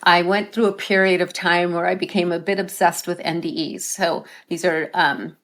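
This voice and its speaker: A woman's voice: on the low side, steady tone, moderate pace, fairly bright tone. A woman life coach, a guest on an interview show, telling stories earnestly and often ending her points with a tag question. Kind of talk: conversational interview storytelling.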